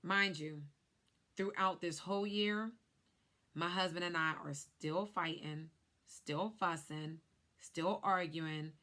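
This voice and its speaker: A woman in her thirties, a life insurance agent, telling her story to camera in an animated way while glancing at cue cards. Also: on the low side, takes it slowly. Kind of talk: casual talk to camera.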